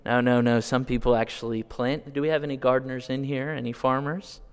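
A man from California preaching a sermon, asking the congregation questions and swinging between quiet asides and loud, drawn-out appeals. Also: medium pitch, fairly even intonation, clear, resonant tone. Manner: asks the congregation direct questions. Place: church sanctuary. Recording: long hall reverb.

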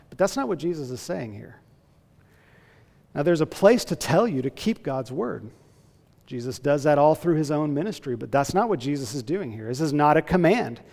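A man preaching a sermon as a pastor, earnest and emphatic, slowing down to stress key phrases. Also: a little high, sing-song, gravelly, a little mellow, in a large hall.

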